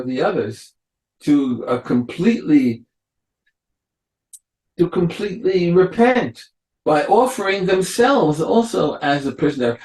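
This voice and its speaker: A man, a rabbi, giving a Torah lecture, explaining slowly and acting out the quotes of biblical figures. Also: high-pitched. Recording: echoey room.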